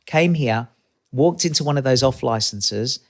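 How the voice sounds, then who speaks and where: An Australian man, a guest in a casual interview, tells chatty, rambling anecdotes and acts out the voices of the people he quotes. His voice is mid-range and a little slow.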